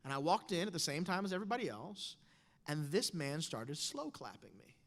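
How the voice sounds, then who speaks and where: A man in his thirties telling a personal story on stage with wry, animated delivery, quoting others in changed voices. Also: fairly high pitch, brisk, background noise. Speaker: speaker. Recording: long hall reverb.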